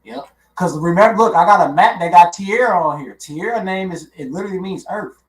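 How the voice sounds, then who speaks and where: A man's voice: sits high, brisk, a crowd in the background. A man chatting casually in loose slang, often asking "you know what I'm saying". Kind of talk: casual chat reacting to maps. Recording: echoey room.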